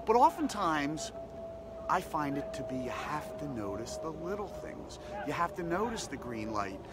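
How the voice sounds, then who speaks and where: A man's voice: on the high side, sing-song, moderate pace, very noisy. A man hosting a daily positivity practice, giving an upbeat, repetitive motivational talk that keeps circling back to short slogans. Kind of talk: motivational self-help talk.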